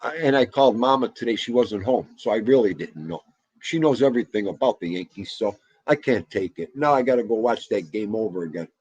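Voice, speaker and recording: A man hosting a casual livestream, loud and excitable, chatting straight to his viewers. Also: on the low side, fairly quick, husky, no room sound, lo-fi sound. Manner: loud, excitable, talks to chat. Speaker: livestream host.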